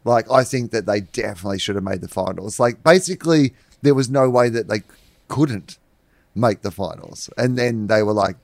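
A young Australian man co-hosting a casual sports podcast in a fairly low voice. He teases his co-host and speaks bluntly, leaning on "like". The recording is close and dry. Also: expressive, moderate pace, vocal fry, dry recording. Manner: teasing, blunt, leans on "like".

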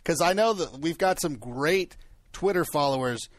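A man's voice: fairly high pitch, animated, moderate pace, no echo. A man co-hosting a casual talk show, mocking in tone and mimicking others in playful asides. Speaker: podcast co-host.

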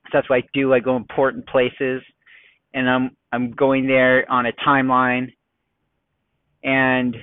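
A young man from the United States hosting a casual solo podcast from his car, talking in an animated, ranting, self-mocking way. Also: mid-range voice, no echo, phone-quality sound. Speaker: podcast host.

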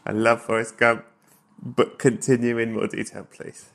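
A man's voice: mid-range voice, flat delivery, moderate pace, creaky, a bit bright. A man hosting a podcast about films, teasing his guest in casual, joking chat with easy swearing. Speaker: podcast host. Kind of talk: casual comedic interview.

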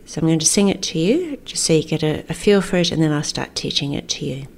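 A woman teaching parents a lullaby, explaining calmly and singing the lines for them to repeat. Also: low-pitched, vocal fry. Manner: gentle, unhurried, sings lines then invites singing along.

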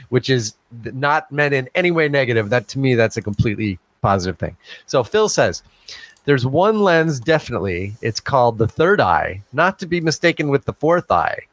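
A man's voice: medium pitch, fairly bright tone, dry recording. Man, podcast co-host, chatty, reads comments aloud, dry close sound. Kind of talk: casual podcast chat, reading listener comments.

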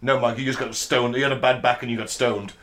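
A man's voice: mid-range voice, level tone, fast, a bit bright. Male podcast co-host from Britain, dry wit, light background noise. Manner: dry, wry, reads facts aloud. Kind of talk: casual banter.

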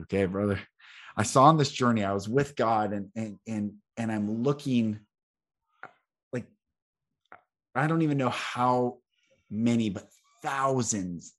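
A man hosting a podcast who speaks fervently and repeats himself for emphasis in an emotional spiritual conversation. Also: mid-range voice. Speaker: podcast host.

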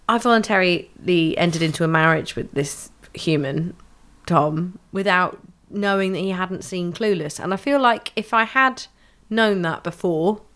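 A woman's voice: on the low side, a bit bright. A woman co-hosting a podcast, chatting casually with wry humour and frequent laughter. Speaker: podcast co-host. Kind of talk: casual chat.

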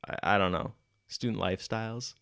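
A young male podcast host talks easygoingly, often hunting for words. His voice is very deep and gravelly. The sound is dry, with no room echo. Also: fairly even intonation, brisk, a bit bright. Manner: easygoing, hesitant, chuckling asides. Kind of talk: casual chat.

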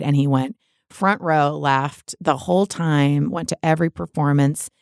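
A middle-aged woman tells personal stories in a loose, chatty way, laughing often and circling back mid-sentence. Her voice sits a little low. The recording is dry and close, with no room sound. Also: moderate pace, clear, resonant tone, no echo. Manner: chatty, laughing, rambling with restarts. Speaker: guest. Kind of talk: candid conversational storytelling.

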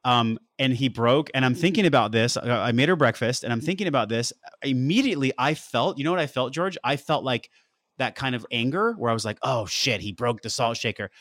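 A man's voice: mid-range voice, expressive, a little fast, fairly bright tone, no echo, clean studio sound. A man as a podcast guest, talking in a reflective, earnest way and repeating words as he thinks. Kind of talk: casual conversation.

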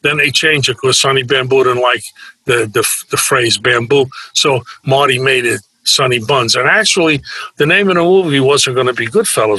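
A man's voice: medium pitch, bright, forceful tone, slightly rough, dry recording, rough recording. A man telling stories as an interview guest, a brash wisecracker who acts out the people he quotes. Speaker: guest, actor and nightclub performer. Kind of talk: casual anecdotal storytelling.

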